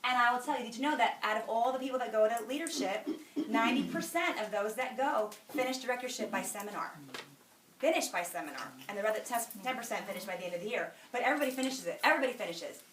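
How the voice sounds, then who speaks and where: A woman's voice: fairly high pitch, quick pace. A woman giving a motivational talk to a meeting, telling stories and acting out the dialogue. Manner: animated storyteller, acting out dialogue. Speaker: sales director speaking at a meeting. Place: meeting room. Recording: echoey room, from a distance, faint noise.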